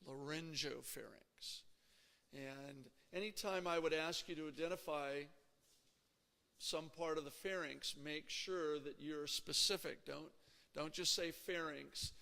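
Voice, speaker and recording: A man's voice: on the high side, fairly even intonation, unhurried, creaky, pushed and bright. A man teaching an anatomy class in a conversational lecture style, checking in with the students often. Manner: conversational, checks in with frequent "okay?" and "right?". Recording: reverberant lecture hall.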